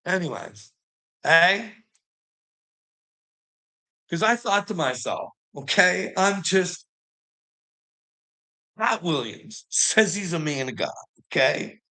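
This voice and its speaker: Canadian man, casual profane monologue, frequent laughter, bright tone, slow delivery. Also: high-pitched, sing-song. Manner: profane, laughs often between sentences.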